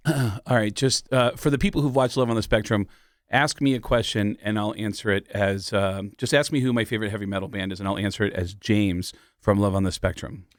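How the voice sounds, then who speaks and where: A man's voice: on the low side, fairly even intonation, fairly quick, dry recording, studio quality. A middle-aged man, a comedian and impressionist, telling stories in a loose, casual way with plenty of fillers. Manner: loose storytelling with frequent fillers and laughs. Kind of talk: casual interview chat.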